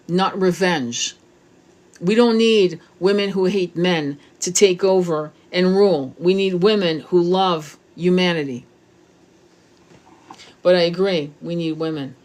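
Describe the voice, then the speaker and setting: Blunt, profane middle-aged woman, lowish voice. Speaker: tarot reader. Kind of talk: spiritual tarot reading monologue.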